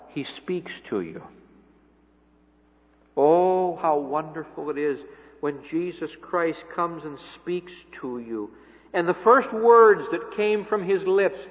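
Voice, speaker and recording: Preacher guy, kinda high voice, goes quiet then booms, dull old recording w/ long hall echo. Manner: swings from hushed to loud emphatic climaxes. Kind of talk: sermon.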